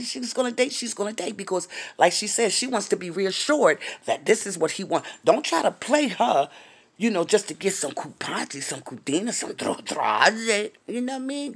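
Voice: mid-range voice, a bit bright, breathy edge. A vlogger giving sassy, gossipy commentary on a reality show, drawling and calling the viewers honey and baby, sometimes dropping to a whisper. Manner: drops to a whisper for racy gossip.

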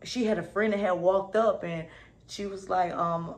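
A woman's voice: mid-range voice, steady tone, normal speed. A woman vlogging to camera in a casual, upbeat, slangy way, often asking "you feel me". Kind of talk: casual motivational talk to camera.

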